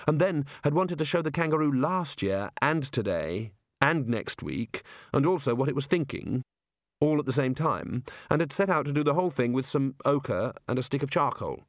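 A man narrating an audiobook in a wry, deadpan manner, close to the mic. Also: medium pitch, no room sound.

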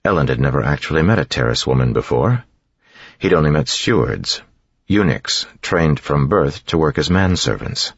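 A man narrates an audiobook in a very deep, husky voice. His reading is steady and even. The recording is dry and slightly muffled. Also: moderate pace, no echo.

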